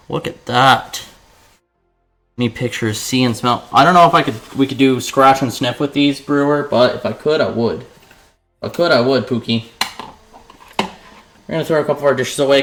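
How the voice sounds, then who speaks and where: A man's voice: mid-range voice, a bit bright. A man streaming himself cooking in his home kitchen, chatting with viewers in a playful, profane, casual way. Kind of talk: casual cooking livestream chat.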